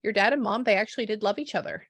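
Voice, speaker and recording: A woman psychic medium recounting a reading to a client in lively back-and-forth, acting out the dialogue she quotes. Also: medium pitch, rapid-fire, no echo. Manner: animated, acts out quoted dialogue, frequent "I go, she goes". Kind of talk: relaying a spirit reading to a client.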